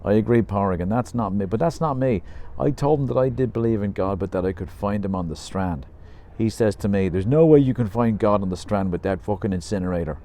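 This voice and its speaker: A man's voice: lowish voice, brisk, few pauses, warm tone, pitched above the performer's own voice, close to an everyday voice. A man voicing a chatty pub regular who rambles through a long story with wry humor.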